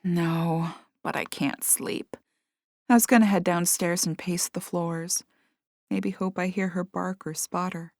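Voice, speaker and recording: A woman voicing a grieving young woman who speaks softly and wearily in an audiobook. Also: fairly low pitch, steady tone, a little slow, creaky, dry recording, clean studio sound. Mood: tired, gentle.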